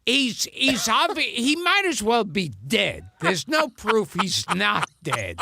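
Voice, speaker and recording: A man's voice: high-pitched, very animated, slow pace, vocal fry, sharp tone, dry recording. A man telling comic show-business anecdotes in casual chat, stammering and restarting as he acts out quotes. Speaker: comedian guest.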